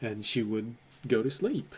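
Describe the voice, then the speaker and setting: A man narrating as game master of a tabletop game, relaxed and laughing often. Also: mid-range voice, a little slow, husky.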